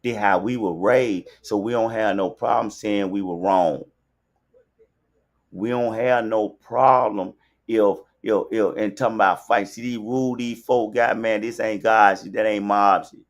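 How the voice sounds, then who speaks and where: Deep-voiced Southern man from Alabama, podcast host, rambling and preachy. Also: steady tone, measured pace. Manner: loose, repetitive, preachy street talk. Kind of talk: casual livestream monologue. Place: podcast studio.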